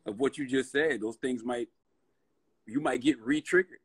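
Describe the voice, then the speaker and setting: A man talks casually in a candid conversation. His voice is husky and sits at a middle pitch. The recording is dry, with no room sound. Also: moderate pace, dry recording. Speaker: radio host.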